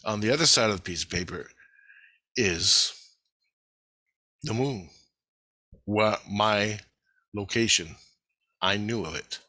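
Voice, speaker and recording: A man's voice: on the low side, slow, long pauses, bright, forceful tone, no echo. A man in a casual monologue video who rambles through a story and swears constantly.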